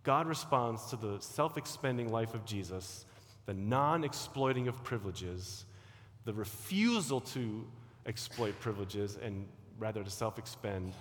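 A middle-aged man preaching a sermon, swinging between loud emphatic lines and quiet asides. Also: on the low side, lively intonation, unhurried. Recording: long hall reverb.

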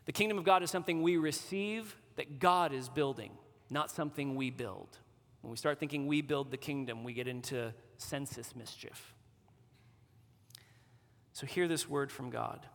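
A man preaching a sermon, slow and deliberate, building to emphasis as he speaks in a church. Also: medium pitch, vocal fry, a bit bright. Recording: long reverb of a large hall.

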